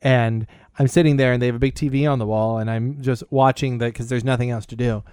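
A man's voice: steady tone, fast talker, darkish tone, clean tone, dry recording. Joking man podcast host, dry close mic. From Washington, DC area. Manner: jokey, slips into high silly voices for impressions. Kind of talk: casual podcast banter.

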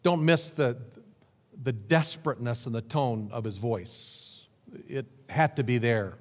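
Man preaching in a reverberant hall. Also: a little slow. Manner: dramatic preaching with sweeping pitch and emphatic repetition. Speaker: pastor. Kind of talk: sermon.

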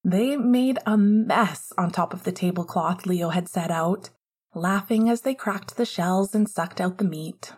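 A woman narrating a romance audiobook in a soft, unhurried storytelling manner. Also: on the low side, husky.

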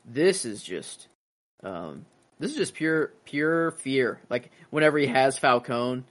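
A man's voice: mid-range voice, lively intonation, slow pace. A man hosting a casual podcast chat, rambling with many fillers and restarts. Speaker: podcast host.

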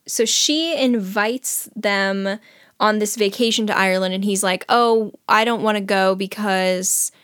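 A woman chatting casually as she retells a story, full of fillers and quick asides in the characters' voices. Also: medium pitch, a bit bright, no echo, clean studio sound. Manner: chatty, many fillers, acts out characters' thoughts. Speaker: book discussion co-host.

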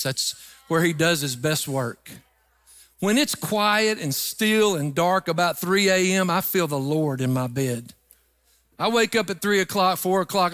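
A man's voice: fairly high pitch, fairly bright tone, long reverb tail. A middle-aged man preaching a sermon, emphatic and rising into sung phrases. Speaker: pastor.

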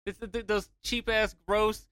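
Male podcast co-host, high bright voice, dry close sound, profane animated storyteller. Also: measured pace, smooth, no echo. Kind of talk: casual chat.

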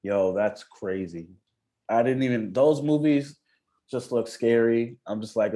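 A man's voice: fairly low pitch, a little slow, warm tone. A man chatting casually as a podcast guest, laid-back and slangy, often laughing. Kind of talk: casual chat.

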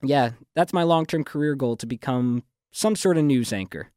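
A man's voice: mid-range voice, moderate pace, a little mellow, dry recording, clean studio sound. A young man, a graduating student, talking fluently in a radio interview with a newsreader-like delivery. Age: young adult. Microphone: studio microphone.

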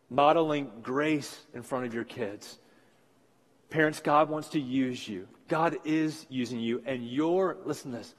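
A man's voice: medium pitch, measured pace, in a large hall. A man in his forties, a pastor preaching an earnest, encouraging sermon and repeating key phrases for emphasis. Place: church sanctuary.

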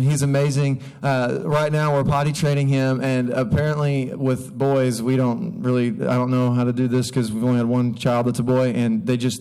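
Male pastor, thirties, joking and chatty, mid-pitched voice, in front of a congregation. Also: darkish tone. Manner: chatty, joking, self-interrupting. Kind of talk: casual, humorous sermon. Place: church stage before a congregation.

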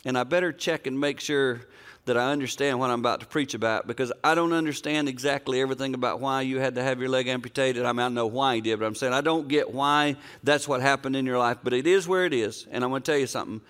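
A man's voice: mid-range voice, quick pace, a bit bright, smooth. An older man preaching a sermon, telling a personal story in an earnest, conversational, folksy way. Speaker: pastor.

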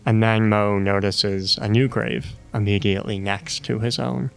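A game master narrating a tabletop game in a slow, measured way. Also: deep voice, fairly even intonation, gravelly, soft background music.

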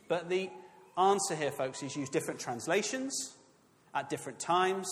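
A man delivers a sermon in an easygoing yet emphatic manner, breaking into asides with his listeners. His voice sits a little high for a man. The sound carries a long reverb like a large church hall. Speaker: preacher.

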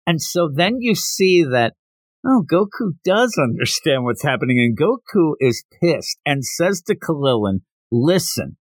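Brief: animated male podcast host, somewhat high voice, dry close recording. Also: unhurried, dry recording. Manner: animated, acts out quotes. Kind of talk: casual comic recap.

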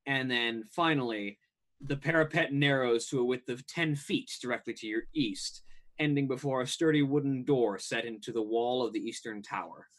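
A man serves as game master for an online tabletop session, describing a ruined rooftop scene. His voice sits in a middle pitch, and he stops often to say um and uh before he reads on. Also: fairly bright tone. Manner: halting, many ums and uhs, reads descriptions aloud.

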